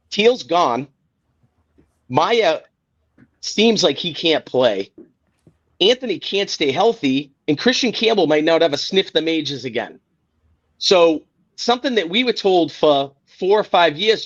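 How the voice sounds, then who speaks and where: A man hosting a sports podcast, ranting in a heated, profane, exasperated way. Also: fairly high pitch. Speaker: podcast host. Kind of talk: casual sports rant. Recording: dull lo-fi podcast audio.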